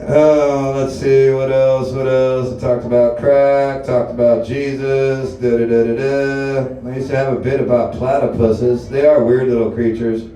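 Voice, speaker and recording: A man's voice: medium pitch, flat delivery, measured pace, hardly any pauses, dark tone, lo-fi sound. A man from Alaska doing a loose, rambling, profane stand-up set at a bar open mic. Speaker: stand-up comedian. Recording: echoey room, mic heard from a distance.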